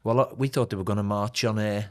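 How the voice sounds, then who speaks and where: A man, a singer and playwright, telling animated stories as a guest in a casual interview. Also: on the low side, fast talker. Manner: animated, anecdotal storyteller.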